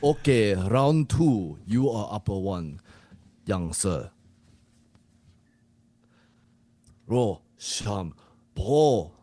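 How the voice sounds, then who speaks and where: A man's voice: on the low side, expressive, slow, warm tone. A man voicing a stern old male sensei coach with grandiose, clipped, mock-formal speech. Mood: ceremonial.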